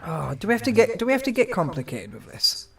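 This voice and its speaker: A British man hosts a game stream in casual chat with friends. His voice sits on the higher side and sounds a little distant from the microphone. He jokes around and laughs often. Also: sing-song, quick pace, vocal fry, sharp tone.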